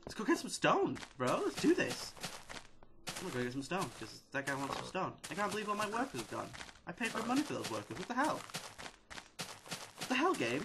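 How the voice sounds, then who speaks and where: A man hosting a casual let's-play video, excitedly chattering at the characters in his game. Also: mid-range voice. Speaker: gaming video host. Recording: loud steady background noise.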